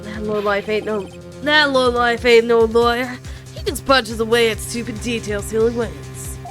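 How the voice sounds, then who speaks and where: A swaggering mobster loan shark, all gruff street slang and threats, as a woman puts him on. He leans on a clumsy attempt at a tough drawl, voiced a touch higher than a real thug, over faint game music. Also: fairly even intonation, moderate pace, fairly bright tone, natural voice. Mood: menacing.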